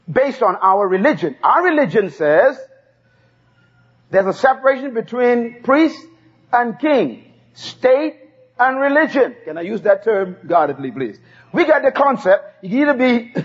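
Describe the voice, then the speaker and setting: Very high and husky, a man's voice leads an emphatic sermon, repeating key phrases for the congregation to call back. It comes from a dull, lo-fi sermon tape.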